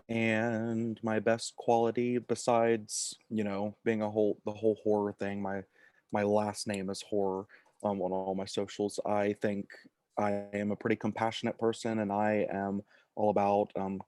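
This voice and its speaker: A gentle man introducing himself as a game contestant, searching for words. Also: on the low side, flat delivery, measured pace, dry recording, studio quality.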